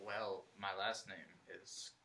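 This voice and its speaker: A man co-hosting a casual podcast, cracking dry, deadpan jokes. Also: on the low side, slow pace, slight background noise. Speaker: podcast co-host. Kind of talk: casual chat.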